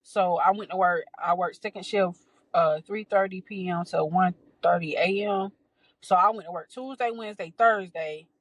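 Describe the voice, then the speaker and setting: A woman, hosting a podcast and telling a personal story in a casual, animated way, laughing often and acting out the voices of others. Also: on the low side, moderate pace, breathy edge, no echo, low-quality recording. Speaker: podcast host.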